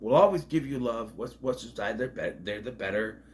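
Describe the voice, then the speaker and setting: A man's voice: mid-range voice, brisk, slight background noise. A man casually reviewing a movie on video, rambling off on tangents.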